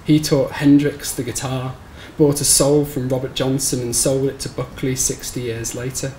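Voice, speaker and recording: A man reading his own short story aloud at a live bookshop event, in a measured, somber storytelling manner. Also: mid-range voice, little pitch movement, dark tone. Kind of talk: live reading of literary fiction. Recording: roomy live recording with faint background noise.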